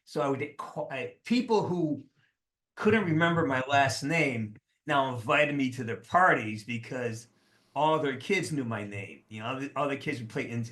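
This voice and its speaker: A man in his sixties, an actor guest telling a lively, profane anecdote and acting out the people in it. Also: medium pitch, moderate pace. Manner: animated, profane, acts out the people in his stories. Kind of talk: casual storytelling anecdote. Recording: roomy echo.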